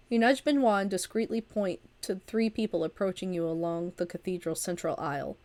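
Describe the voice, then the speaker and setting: A woman's voice: fairly low pitch, a little fast, few pauses, a little mellow. A woman, recovering from an illness, reading a vampire visual novel aloud on a livestream with chatty asides. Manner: chatty asides, stumbles over words and restarts reading. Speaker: streamer and storyteller.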